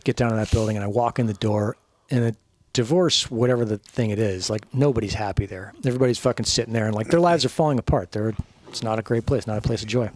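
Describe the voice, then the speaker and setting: A man telling stories as a podcast guest, animated and profane, acting out the people he quotes. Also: fairly low pitch, fast talker. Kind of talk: storytelling.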